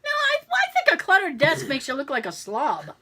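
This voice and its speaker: A woman's voice: sits high, moderate pace. A woman co-hosting a podcast, telling stories in casual chat and laughing often. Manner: animated, laughing storyteller. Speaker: podcast co-host.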